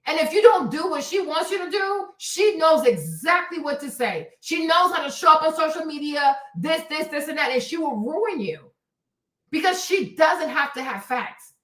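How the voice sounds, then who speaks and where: A woman's voice: high voice, animated, moderate pace, fairly bright tone. Profane, fired-up woman ranting in an echoey room. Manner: profane, emphatic, repeats herself for emphasis. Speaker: livestream host. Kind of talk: heated commentary rant.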